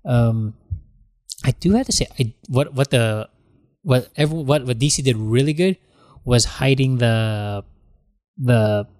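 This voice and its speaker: A man's voice: medium pitch, a little slow, long pauses. A man in casual film chat, rambling with many restarts and acting out lines from scenes. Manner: rambling, animated, acts out quotes.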